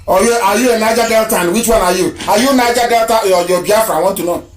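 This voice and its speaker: A man with a high voice hosts a live radio call-in show and talks emphatically, hammering points home by saying them again and again. His voice rings in an echoey room. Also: quick pace. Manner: emphatic, repeats phrases for stress. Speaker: radio broadcast host.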